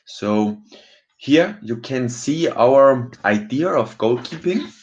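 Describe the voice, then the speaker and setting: Casting: young male coach, slow halting webinar delivery, slightly dull lo-fi sound. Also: medium pitch, animated, darkish tone. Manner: hesitant, many ums and uhs, non-native phrasing. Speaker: goalkeeping coach presenting software. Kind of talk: webinar screen-share walkthrough.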